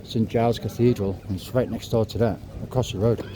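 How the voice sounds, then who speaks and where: A man's voice: lowish voice, fairly even intonation, brisk. A man, chatting and rambling as he walks for a travel vlog, a little out of breath, swearing and apologizing. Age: 50s. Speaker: travel vlogger. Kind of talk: casual walking vlog. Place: city streets outdoors. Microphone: clip-on mic to phone. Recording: outdoor street noise.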